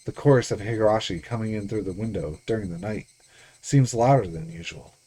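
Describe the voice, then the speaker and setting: A man's voice: on the low side, fairly quick, mellow, breathy edge. A man voicing a guilt-ridden teenage girl sliding into paranoid delusion, reading a visual novel aloud, repeating himself obsessively. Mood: numb. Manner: obsessive repeating, frantic pleading.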